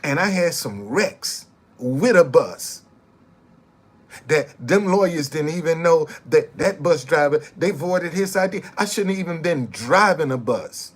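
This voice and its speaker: Give me a man in his middle years, emphatic and repetitive, with a voice pitched a little high. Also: expressive, a little slow, breathy edge. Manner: emphatic, repeats himself. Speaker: former bus driver telling his story. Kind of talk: casual storytelling.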